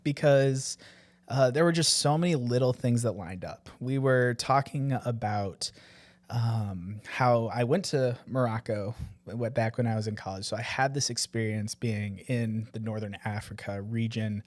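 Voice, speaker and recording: A man's voice: medium pitch, unhurried, dry recording. An American man casually telling about a church mission trip, with many fillers and restarts. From United States. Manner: relaxed storytelling, many fillers. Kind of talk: casual conversation.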